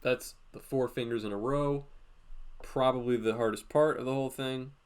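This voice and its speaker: A man giving a casual live drawing lesson, walking through each step out loud with lots of "like" fillers. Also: mid-range voice, fairly even intonation, moderate pace, smooth. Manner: thinks aloud, step-by-step, frequent "like" fillers. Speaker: drawing instructor streaming a class.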